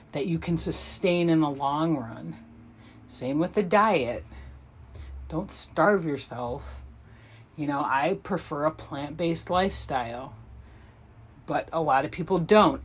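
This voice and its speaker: A woman's voice: deep voice, slight background noise. A woman in her thirties hosting her own podcast, rambling casually with frequent ums, restarts and self-deprecating asides. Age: 30s. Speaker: podcast host. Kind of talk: casual solo podcast monologue.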